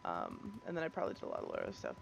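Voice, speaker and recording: A woman's voice: low voice, huge pitch swings, rapid-fire, gravelly, a little hiss or hum. A woman streaming a game live, chatting and rambling with a stuffed-up, congested voice and often losing her train of thought. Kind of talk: live gameplay stream chat.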